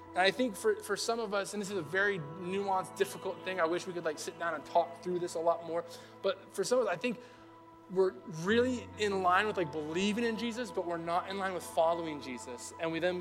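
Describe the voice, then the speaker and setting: Young male pastor with a high voice, chatty sermon, animated asides. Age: young adult. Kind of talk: casual conversational sermon.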